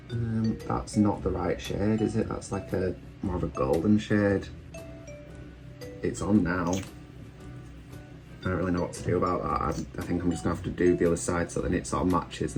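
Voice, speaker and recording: Doing his makeup at home, a British man who performs as a drag queen talks casually and pokes fun at himself. His voice is low-pitched with vocal fry, and faint background music can be heard in the room.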